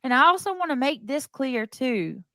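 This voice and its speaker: A woman's voice: high voice, sing-song, moderate pace, a bit bright, no echo. Exasperated woman host, dry close sound. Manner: exasperated, defensive, repeats herself with restarts. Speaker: live stream host. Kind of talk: casual live stream chat.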